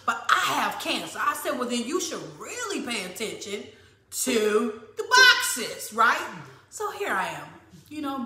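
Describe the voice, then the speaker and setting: A woman's voice: on the high side, bright, forceful tone. A woman hosting a casual talk show, telling a sassy story and laughing often. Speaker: host. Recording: echoey room with faint noise.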